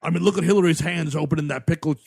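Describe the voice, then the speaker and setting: A man's voice: fairly high pitch, very fast, vocal fry, darkish tone, breathy edge, no echo. A man co-hosting a comedy movie podcast, riffing profanely with lots of fillers. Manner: profane, joking, rambling with fillers. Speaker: podcast co-host. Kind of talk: casual comedic movie banter.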